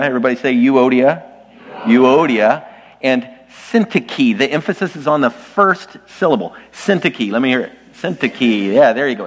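A man preaches to his congregation in a casual, lightly humorous way, turning to the people in front of him again and again. His voice sits at an ordinary middle pitch. The sound trails off into the long reverb of a church hall. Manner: conversational, lightly humorous, addresses the congregation directly. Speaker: pastor. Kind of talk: sermon. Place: church sanctuary.

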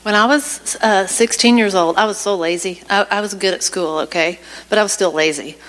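It's a low-quality recording of a woman's preaching testimony in a church sanctuary, where as a guest she recounts a personal story and climbs into passionate urging. Her voice is medium-pitched and fairly bright, her pace moderate.

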